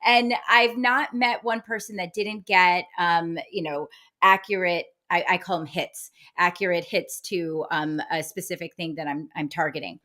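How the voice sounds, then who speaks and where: A woman's voice: on the low side, fairly even intonation, normal speed, pushed and bright. A woman who is a guest medium, chatting cheerfully with many filler words and frequent laughs. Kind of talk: casual interview chat.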